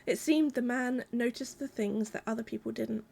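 A woman delivering a sermon in a calm, measured, reflective way. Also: a little high, creaky. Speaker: preacher.

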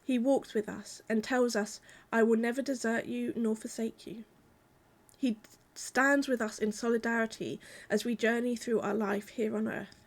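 A woman delivering a sermon in a calm, measured, reflective way. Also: on the high side. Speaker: preacher.

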